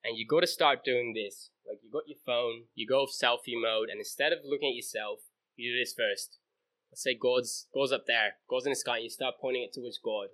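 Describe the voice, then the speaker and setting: A man's voice: medium pitch, brisk, fairly bright tone. A man in his twenties giving a casual youth sermon at a camp, telling stories in a chatty way full of fillers like "like". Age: 20s. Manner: chatty storytelling, many fillers like "like". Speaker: camp speaker.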